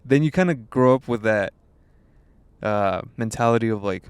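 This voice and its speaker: A man's voice: mid-range voice, normal speed, clean tone, no room sound. A young man co-hosting a podcast, chatting casually and rambling, with frequent restarts and plenty of swearing. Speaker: podcast co-host. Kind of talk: casual chat.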